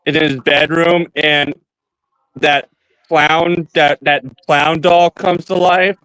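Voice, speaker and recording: A man chatting casually on a stream in a voice a little higher than most. He rambles, restarts phrases and keeps turning to speak to the viewers. The sound is dry and close, with no room around it. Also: level tone, takes it slowly, a bit bright, clean tone, no room sound, low-quality recording. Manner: addresses viewers directly. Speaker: streamer co-host. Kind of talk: casual chat.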